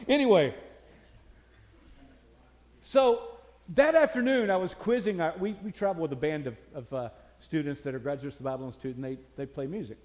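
A man's voice: on the high side, animated, normal speed, long pauses, a little mellow. Brief: older male pastor, folksy storytelling sermon, echoing hall.

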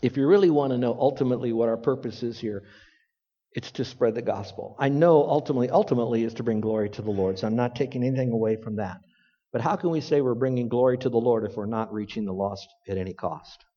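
A man's voice: mid-range voice, fast talker. A man preaching a sermon, telling a folksy story and building to emphatic points. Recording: dull lo-fi recording with long hall reverb.

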